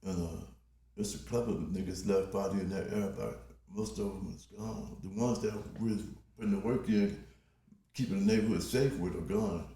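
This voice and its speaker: A man in his sixties from Compton, a podcast guest telling stories in a casual, profane, animated way and laughing often. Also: deep voice, fairly quick. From Compton, Los Angeles. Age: 60s. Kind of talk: casual storytelling. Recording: roomy echo.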